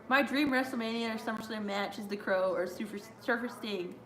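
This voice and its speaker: A woman's voice: a little high, unhurried, a bit bright, echoey room. A woman hosting a casual watch-along stream, reading chat aloud and answering with lots of giggles and jokes.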